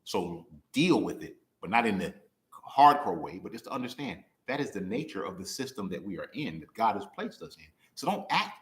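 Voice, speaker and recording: A young man giving a conversational sermon, playful and animated, laughing often and acting out quick voices. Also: lowish voice. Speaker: preacher. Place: church hall. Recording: roomy echo.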